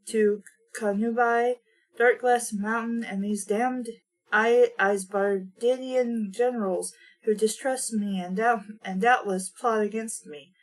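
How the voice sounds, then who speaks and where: A woman reading aloud, voicing a weary nobleman who is torn between two women, in a slightly lowered voice. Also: natural voice.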